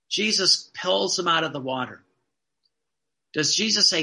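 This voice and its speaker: Bright-voiced preacher man, earnest. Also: sits high. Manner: earnest, emphatic preaching with slow stressed phrases. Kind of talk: sermon.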